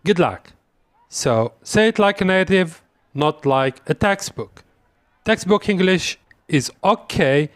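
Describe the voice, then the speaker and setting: Male English tutor running a quiz lesson: unhurried, repeats examples, fairly high-pitched. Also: dry recording, clean studio sound. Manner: slow, deliberate, repeats example phrases. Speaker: English teacher. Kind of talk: quiz-style language lesson.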